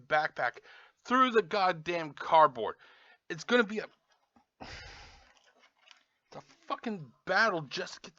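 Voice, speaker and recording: Swearing, ranting man with a lively voice. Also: fairly high pitch, takes it slowly, long pauses, no echo. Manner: angry, sarcastic, swears constantly. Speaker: toy reviewer. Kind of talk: profane unboxing rant. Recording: dull lo-fi dry sound.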